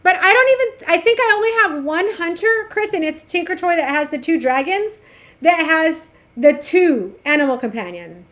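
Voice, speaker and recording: Bubbly middle-aged lady streaming games, high voice, chatty and sweet to chat. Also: moderate pace. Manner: chatty, animated, talks to chat affectionately. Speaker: game streamer. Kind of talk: casual chat while gaming.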